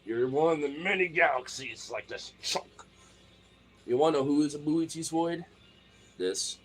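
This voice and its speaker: A man's voice: animated, normal speed, fairly bright tone, husky, faint music behind. Man cooing at his cat. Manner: swings into high squeaky pet voice. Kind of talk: casual chat, baby talk to a cat.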